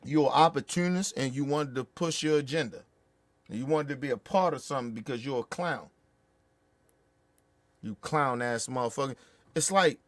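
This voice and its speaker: A man's voice: mid-range voice, fairly bright tone, no room sound. A man hosting a show, ranting about politics in a heated, profane way with angry bursts. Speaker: show host.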